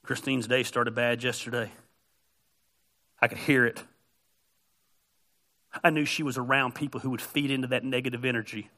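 A middle-aged male pastor giving a conversational, joking sermon that builds to loud, emphatic peaks. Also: mid-range voice, fairly even intonation, moderate pace, pauses often.

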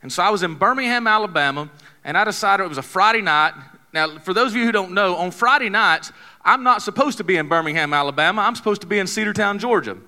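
A man's voice: sits high, expressive, fast talker, bright, forceful tone. A man, preaching a sermon in a folksy, joking, conversational way, telling a story to his congregation. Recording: long hall reverb.

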